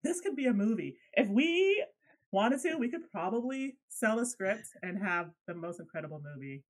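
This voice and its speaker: Animated woman swearing in casual chat. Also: mid-range voice, moderate pace, low-quality recording. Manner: animated, laughs often, swears when riled. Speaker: podcast co-host.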